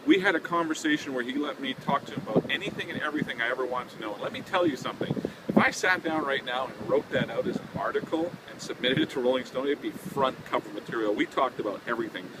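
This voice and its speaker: A man's voice: medium pitch, quick pace. Chatty man telling a tour story outdoors. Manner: chatty, laughing, with fillers. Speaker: touring band member telling a tour story. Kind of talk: casual anecdote. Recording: windy outdoor noise.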